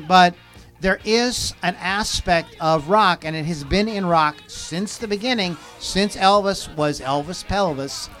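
A man's voice: sits high, slow, fairly bright tone, soft background music. Rambling man hosting a podcast. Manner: rambling, self-interrupting, reads out viewer comments. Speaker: podcast host. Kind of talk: casual chat on a live podcast.

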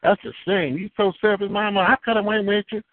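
A man's voice: high-pitched, fairly even intonation, fast, dry recording, pitched above the performer's own voice, lightly acted. A man putting on a whiny grown child. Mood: whining. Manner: petulant, complaining. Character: whiny grown child scolding their mother. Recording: tinny phone-like line.

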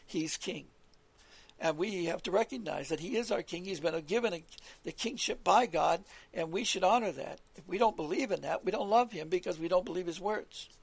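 A man's voice: high voice, normal speed, creaky, slightly rough, no room sound. A man preaching an earnest, rambling scripture lesson, often repeating himself and restarting. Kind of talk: scripture teaching on a radio call.

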